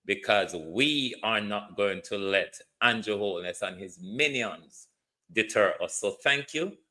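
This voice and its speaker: A man's voice: on the low side, lively intonation, measured pace, pushed and bright. A man with a Jamaican accent hosting an online show, ranting in a blunt, mocking way and tagging his points with a questioning "hmm?". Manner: mocking, blunt, with frequent rhetorical "hmm?" tags. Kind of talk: political commentary rant.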